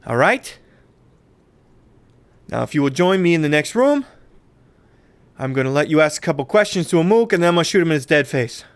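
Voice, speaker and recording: A man playing a smooth-voiced menacing crime boss. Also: fairly high pitch, very animated. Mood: apologetic. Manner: blunt, menacing, quick to swear. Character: volatile male crime boss. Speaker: game master.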